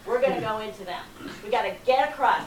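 A woman doing a male river guide barking orders over the roar, loud and urgent, leaving no room for argument. The voice rings out from a distance in a roomy space with a faint hiss behind it. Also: a little high, quick pace, natural voice. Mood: shouting orders. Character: adult male river guide yelling instructions. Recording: roomy, from far off, faint noise.

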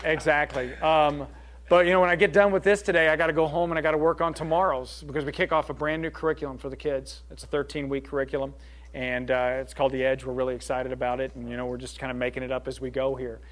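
A middle-aged man leads a group session, speaking earnestly and fielding audience questions in an informal, conversational style while often checking in with listeners. His medium-pitched voice is level and fairly bright, and he talks fast.

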